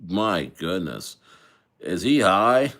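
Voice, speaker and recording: A man's voice: low-pitched, very animated, slow pace, fairly bright tone. A man chatting casually on a livestream, loose and rambling with jokes and restarts, a little tipsy from wine. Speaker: crypto livestreamer.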